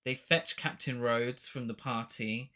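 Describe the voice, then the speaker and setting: A man's voice: medium pitch, steady tone, unhurried, pushed and bright. A man co-hosting a podcast, reviewing a bad film in a sweary, exasperated, joking way. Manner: sweary, exasperated ranting with laughs. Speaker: podcast co-host. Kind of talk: casual film review chat.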